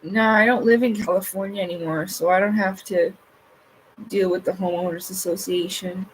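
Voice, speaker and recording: A woman's voice: medium pitch, steady tone, moderate pace, slight background noise. A woman, chatting casually to her livestream viewers in a blunt, profane way. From Canada. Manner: blunt and profane, with frequent laughs. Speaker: streamer.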